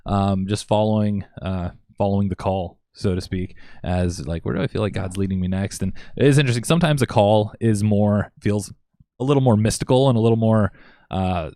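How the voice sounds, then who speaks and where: A man's voice: fairly low pitch, fairly quick, mellow, no room sound, clean studio sound. A man in his thirties, a church music director, talking casually on a podcast and explaining his ideas simply, with lots of fillers. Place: Minnesota.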